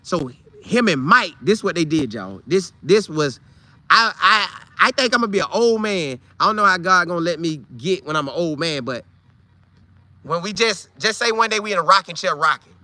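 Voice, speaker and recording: A man telling a funny old football story casually, with loud sound effects and vivid retelling. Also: high-pitched, expressive, moderate pace, no room sound. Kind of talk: animated storytelling.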